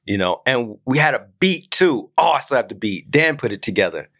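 A middle-aged man swaps stories as a podcast guest, his bright voice swinging widely in pitch. He laughs often and slips into other people's voices. The sound is close and dry. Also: animated, fairly quick, dry recording. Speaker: podcast guest, music producer. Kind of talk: casual storytelling.

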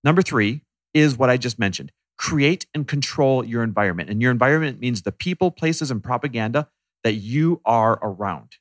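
A man co-hosting a personal finance podcast, talking in an energetic, emphatic, motivational way. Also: mid-range voice, moderate pace, no echo. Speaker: podcast co-host. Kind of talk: casual podcast chat.

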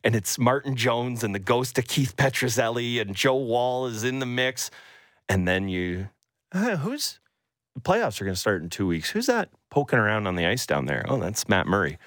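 A man hosting a morning sports radio show, chatty and playful, now and then mocking others in high voices. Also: sing-song, moderate pace, a bit bright, no room sound, studio quality. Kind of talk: animated sports radio chat. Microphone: studio microphone.

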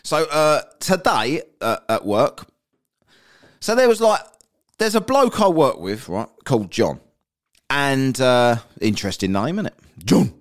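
A man hosting a comedy podcast and spinning crude anecdotes at an ordinary middle pitch. His voice swings widely and expressively as he tells them. He curses freely and keeps tossing "right?" at his listeners. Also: very animated, a little slow. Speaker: podcast host. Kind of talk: comic anecdote storytelling.

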